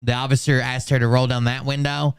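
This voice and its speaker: A man's voice: medium pitch, flat delivery, brisk, clear, resonant tone, no echo, clean studio sound. A man hosting casual commentary, sardonic and swearing freely. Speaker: commentary streamer.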